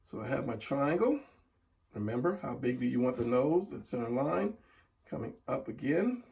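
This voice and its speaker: A man's voice: mid-range voice, animated, moderate pace, gravelly, darkish tone, far from the mic. A middle-aged man teaching a casual drawing tutorial, talking while he draws and trailing off into murmurs. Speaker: drawing instructor.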